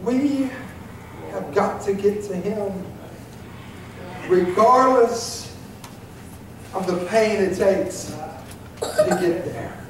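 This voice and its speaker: A man's voice: high voice, drawn-out words, pauses often, slight background noise. A man preaching an impassioned, emotional sermon as pastor of a church, captured from a distance in the sanctuary. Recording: echoey church recording from far off.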